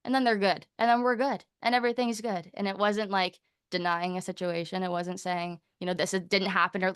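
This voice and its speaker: A young Canadian woman, appearing as a guest in a casual interview, speaks in a smooth mid-range voice captured in a dry, studio-quality recording. She's an animated storyteller who fills her speech with "like," talks in quick bursts, and acts out what other people said.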